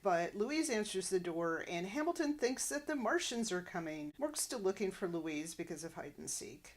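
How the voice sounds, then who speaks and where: A woman's voice: lowish voice, gravelly. Wry woman recapping a cartoon. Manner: wry, dry asides on plot holes. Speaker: TV reviewer. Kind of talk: spoken episode recap and review.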